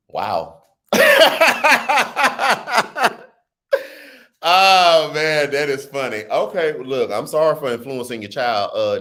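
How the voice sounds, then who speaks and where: A man hosting a casual livestream, reading viewer comments and joking with loud laughter. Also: mid-range voice. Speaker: host of a political livestream.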